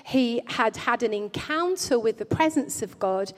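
A woman preaching a sermon in a church, speaking earnestly and gently in a pastoral way, often restarting her phrases. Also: on the high side, lively intonation, unhurried. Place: church hall. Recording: long hall reverb.

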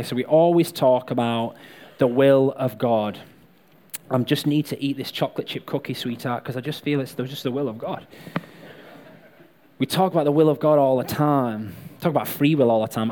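This sermon comes from a man with a medium-pitched, darkish voice at normal speed. He chats and jokes with the crowd directly, calling people up to assist with live props.

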